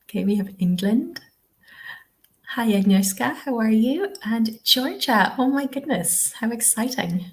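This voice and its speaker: A woman's voice: on the high side, expressive, measured pace. A woman from the west of Ireland, presenting a live online teacher-training webinar in a chatty, encouraging way, often checking with "okay?".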